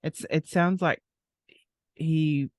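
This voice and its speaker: A man with a slightly higher voice interviews a guest, asking questions and reassuring her gently. The sound is dry, with no room around it. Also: fairly even intonation, very slow, no echo. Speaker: interviewer, true crime host.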